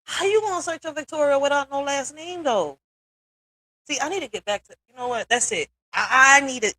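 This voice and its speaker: A woman with a high, bright voice chats candidly as a livestream host. She swears and laughs freely, and her voice sounds close and dry. She talks straight into a computer mic at her desk. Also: fairly quick, no room sound, rough recording. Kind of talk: casual livestream commentary.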